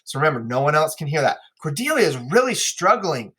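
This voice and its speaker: Casual bright-voiced male teacher. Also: fairly high pitch, very animated. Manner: casual, quick asides, checks with "right?". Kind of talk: explaining a play to a class.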